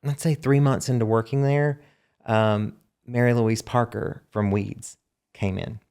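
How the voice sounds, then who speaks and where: Low-voiced Southern US man telling stories. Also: a little slow, gravelly, smooth. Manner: rambling animated storyteller with many fillers. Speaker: guest singer-songwriter. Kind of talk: casual interview storytelling.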